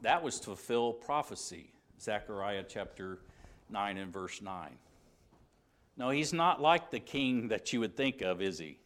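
A man's voice: fairly low pitch, animated, measured pace, a bit bright. Emphatic man preaching a sermon. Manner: emphatic, repeats key phrases, dramatic quoted dialogue. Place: church service.

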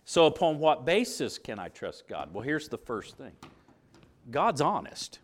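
A man's voice: fairly high pitch, very animated, a little slow, slight background noise. A middle-aged man teaching a Bible lesson in sermon style, asking rhetorical questions and acting out quoted voices. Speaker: preacher teaching a Bible class.

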